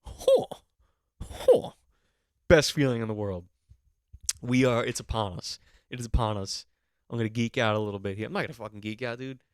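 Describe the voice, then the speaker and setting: A young man rambles through a profane comic monologue as a podcast host, stacking fillers and restarts. His voice sits at an ordinary middle pitch, recorded close and dry with no room sound. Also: fast talker, smooth, no echo. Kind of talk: casual comedic monologue.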